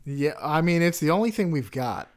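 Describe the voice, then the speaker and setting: A man's voice: on the high side, animated, normal speed. A man co-hosting a casual podcast, telling stories loosely with lots of "like" fillers and dry puns while running a quiz. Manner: loose storytelling with many "like" fillers, dry wordplay. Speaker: podcast co-host presenting facts and quiz. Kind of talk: casual chat.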